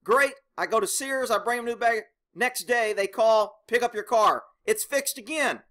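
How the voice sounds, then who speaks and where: A man's voice: extremely high pitch, moderate pace, sharp tone. A man telling a sarcastic, exasperated story about a car dealership and acting out both sides of the talk. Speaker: vlogger recounting a complaint. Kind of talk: animated complaint rant.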